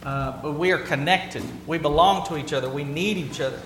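A man's voice: on the high side, brisk, fairly bright tone, reverberant, poor audio. A man preaching a sermon in a conversational way, asking the congregation questions and answering back. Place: church sanctuary.

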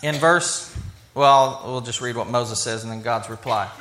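Unhurried and sharp-toned, a pastor with a mid-range voice preaches a sermon in a conversational manner. He acts out the lines he quotes and keeps restarting sentences, stumbling through fillers along the way.

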